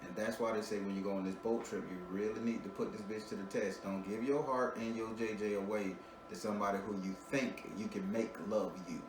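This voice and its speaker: A man gives a client a spiritual reading in a loose, joking way, swearing freely and laughing between points. He stumbles and repeats words as he restarts. His voice sits back from the mic in a roomy space, with steady background noise behind it. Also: on the low side, a little fast, distant mic. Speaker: spiritual reader giving a tarot reading.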